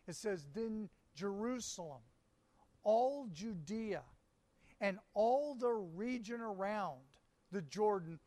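A man preaching a sermon, reading scripture aloud and speaking with deliberate, emphatic pauses. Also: high voice, darkish tone.

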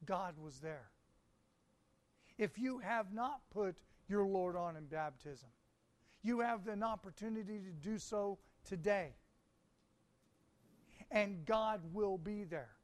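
A man delivering a sermon in a high voice. He takes his time, pausing for emphasis as he reads scripture and explains it to the congregation. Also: lively intonation. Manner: slow, deliberate preaching with emphatic pauses. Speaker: preacher.

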